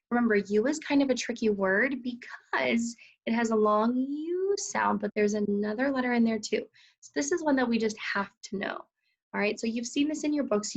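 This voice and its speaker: A young woman teaching second graders phonics in a recorded video lesson, her speech deliberate and unhurried as she sounds out letters. Her voice sits at an ordinary middle pitch. The audio is a little dull and lo-fi. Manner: slow, clearly enunciated, encouraging teacher talk.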